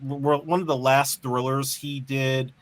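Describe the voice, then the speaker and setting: A man's voice: medium pitch, flat delivery, unhurried, no room sound. A man co-hosting a casual movie discussion podcast, making wry, sarcastic asides. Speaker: podcast co-host.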